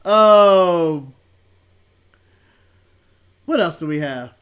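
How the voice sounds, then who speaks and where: A man's voice: high-pitched, takes it slowly, long pauses, a bit bright, clean tone. A man co-hosting a casual chat show, laid-back and opinionated, rambling through his takes. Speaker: co-host.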